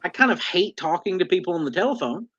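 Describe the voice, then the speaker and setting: A man's voice: sits high, animated, fast, fairly bright tone. A man hosting a casual chat, laid-back and self-deprecating. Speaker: podcast host. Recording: dull lo-fi audio.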